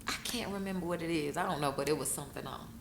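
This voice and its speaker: Low-voiced woman telling her story with feeling. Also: racing, gravelly. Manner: emotional, bursts into laughing high-pitched retellings. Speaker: guest. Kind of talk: candid interview storytelling. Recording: echoey room with noticeable noise.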